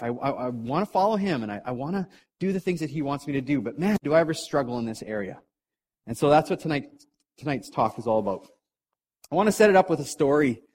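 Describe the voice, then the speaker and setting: A middle-aged man preaching to a live audience in a hall, telling a story in a casual, animated way, with jokes and acted voices. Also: mid-range voice. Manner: animated, jokey, acts out characters.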